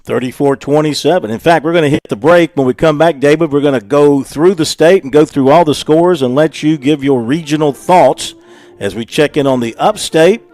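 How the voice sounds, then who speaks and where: A man hosting a radio sports show from the studio, relaxed and easygoing as he leads the segments. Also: a little high, normal speed, no room sound. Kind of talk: casual radio sports talk.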